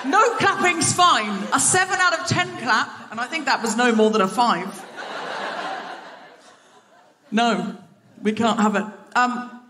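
A woman's voice: on the high side, lively intonation, normal speed. A woman hosting a live comedy podcast from a theatre stage, bantering playfully with the audience and mocking herself. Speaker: host. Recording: live theatre recording with clicking noise.

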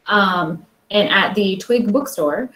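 Woman, librarian co-host, casual book chat, rambling and laughing, echoey room, middle pitch. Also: takes it slowly, fairly bright tone. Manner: chatty, rambling, laughs often. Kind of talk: casual chat about books.

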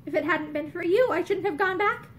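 A woman reading aloud voices a tired, bitter young woman who speaks low and haltingly. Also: a little hiss or hum. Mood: weary.

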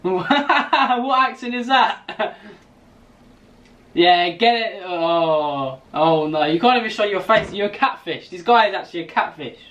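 Young male host, London accent, high voice, teasing mock-insult banter. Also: animated, a little slow, fairly bright tone, muffled recording. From England. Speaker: YouTuber host. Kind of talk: casual video chat banter.

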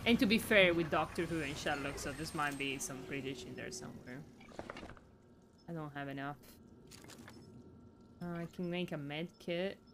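A woman's voice: sits low, moderate pace, long pauses, noisy background. A woman with an Italian accent, a native Italian speaker, chatting casually and rambling through gameplay commentary with the odd swear. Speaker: streamer.

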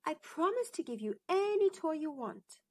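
A woman's voice: high-pitched, sing-song, moderate pace, pitched above the performer's own voice. A woman voicing a firm, commanding queen in a storybook reading. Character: stern storybook queen, mother of the princess.

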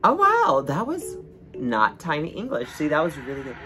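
A man's voice: fairly high pitch, big pitch swings, normal speed, over music. A man hosting a reaction video in a casual, earnest and openly emotional way.

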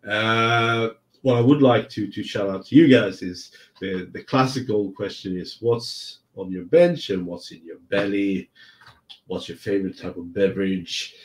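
A man hosting a casual hobby stream, with a husky voice and a cold, swearing freely and often restarting his words. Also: lowish voice, measured pace, low-quality recording. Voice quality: husky whiskey voice. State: sniffly, with a cold. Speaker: stream host.

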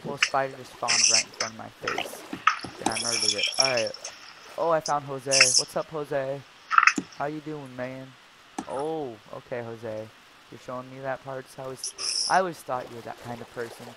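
A man's voice: medium pitch, fairly even intonation, moderate pace, heavy background noise. A man casually joking and teasing his friend while commentating a game he is playing. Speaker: co-host of a game series. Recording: music playing under the voice. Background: background music.

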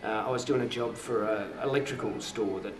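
Deadpan, rambling Australian man. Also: lowish voice, fairly quick, background noise. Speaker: voiceover artist. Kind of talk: mockumentary interview anecdote.

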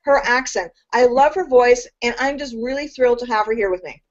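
A woman's voice: a little high, a little fast. A woman hosting an interview show, bubbly and enthusiastic, gushing over her guest. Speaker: show host. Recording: dull lo-fi web broadcast.

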